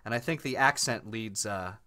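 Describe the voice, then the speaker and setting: A man co-hosting a podcast in casual chat, animated and laughing often. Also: on the low side, normal speed. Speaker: podcast co-host.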